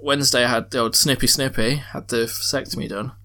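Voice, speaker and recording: A man's voice: mid-range voice, steady tone, fast, sharp tone. A young man hosting a podcast, telling stories in casual chat, swearing freely and laughing often. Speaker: podcast host. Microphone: headset mic with headphones.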